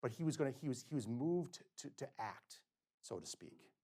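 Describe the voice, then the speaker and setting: A middle-aged man giving a lecture at a medium pitch. He tells stories with lively swings in volume, leaning in to act out the quotes. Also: normal speed, breathy edge. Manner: animated storyteller, acting out quotes with sudden loud and soft swings. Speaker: physician giving a grand rounds lecture. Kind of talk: lecture with storytelling. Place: lecture hall.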